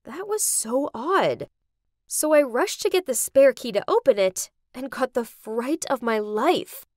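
A woman tells a first-person story with expressive, dramatic narration. Her voice sits high and swoops around a lot. The recording is dry and close. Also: a little slow, no room sound.

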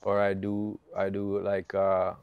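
A middle-aged Jamaican man telling stories in a relaxed, easygoing interview chat, laughing often. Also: deep voice, slow, creaky, clear, resonant tone, no room sound, phone-quality sound. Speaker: guest musician.

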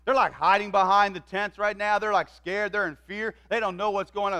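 Pastor, male, high and bright voice, animated sermon storytelling. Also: a little fast, hardly any pauses. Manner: animated, acts out quoted voices. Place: church.

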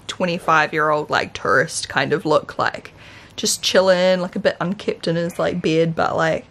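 A woman's voice: low voice, moderate pace, fairly bright tone. A young woman with a New Zealand accent, chatting casually to camera as a vlogger and telling stories, full of "like" fillers, with a dry throat from hay fever. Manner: chatty storytelling, many "like" fillers.

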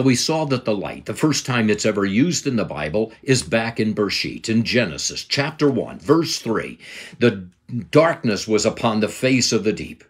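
An older man with a slightly husky voice, giving a Bible lesson in an emphatic preaching cadence and quoting scripture. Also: lowish voice. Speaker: Bible teacher.

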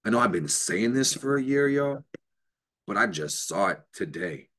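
A man's voice: on the low side, sing-song, normal speed, a bit bright. A man hosting an astrology show, giving an unscripted motivational talk, emphatic and profane, with bursts of laughter.

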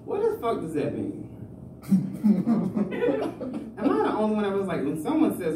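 A man's voice: high voice, wildly swooping pitch, moderate pace, pauses often. A man doing stand-up at an open mic in a small club, rambling and self-mocking, often laughing at his own jokes. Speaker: stand-up comedian. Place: small comedy club stage. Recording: roomy club sound from far off, faint noise.

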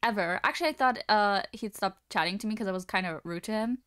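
A young woman streamer chatting casually with a smooth, resonant voice. She tells stories in an animated, talkative way, close to a dry mic. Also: mid-range voice, fast talker, dry recording. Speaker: livestream host. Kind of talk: casual chat.

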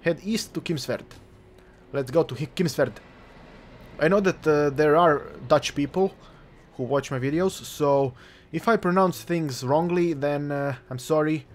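A man's voice: a little high, unhurried. A man casually commentating on his own gameplay, joking around, chuckling and throwing in mock-outraged swearing. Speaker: gaming channel host. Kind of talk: let's play commentary.

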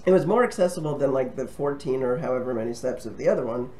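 A man's voice: mid-range voice, expressive, quick pace, darkish tone, slight background noise. Chatty man vlogging with lots of ums. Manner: rambling, with frequent ums and restarts; friendly and chatty. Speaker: travel vlogger. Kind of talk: casual talk to camera.

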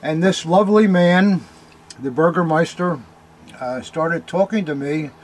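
An older man hosting a show, telling a story slowly in a rambling, casual way with many ums and uhs while smoking a cigar. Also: fairly high pitch. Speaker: host.

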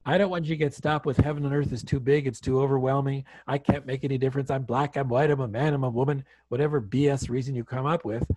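A man's voice: medium pitch, fast talker, few pauses, no echo. A man guest speaker from Canada, telling stories on an online call and acting out the dialogue with energy. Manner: animated storyteller acting out dialogue. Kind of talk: storytelling talk.

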